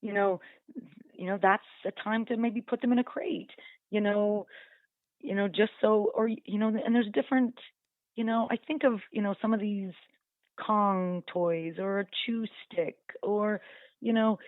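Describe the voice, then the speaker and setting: A woman's voice: mid-range voice, steady tone, unhurried, dry recording. A woman dog trainer talking casually in a radio interview, chatty and full of "you know", acting out dogs and owners as she explains. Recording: dry tinny phone-like line.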